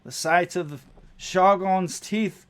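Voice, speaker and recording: Man putting on a high chatty goblin. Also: slow pace. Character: excitable male goblin crewman.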